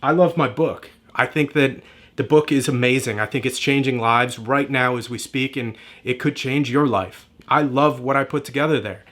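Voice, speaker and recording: A man's voice: medium pitch, normal speed, a bit bright. A man giving a direct-to-camera marketing lesson, emphatic and repetitive in a motivational way. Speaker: marketing coach.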